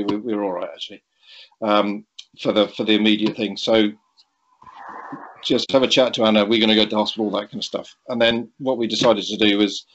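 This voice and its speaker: A middle-aged man telling a story in a conversational way, hesitant and full of restarts, often chuckling. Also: medium pitch. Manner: halting, with frequent restarts and chuckles. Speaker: guest recounting a cycling accident. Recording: dull lo-fi recording.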